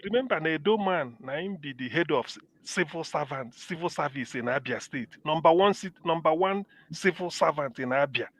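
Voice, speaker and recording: A Nigerian man argues politics in an emphatic, insistent way. His voice sits a little high and swings widely in pitch, and it sounds dry and close to the mic. He often repeats words to press a point. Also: lively intonation, fairly quick, few pauses, dry recording. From Nigeria, Anambra State. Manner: emphatic, repeats himself to drive points home. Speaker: political commentator. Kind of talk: casual political debate in Nigerian Pidgin and English.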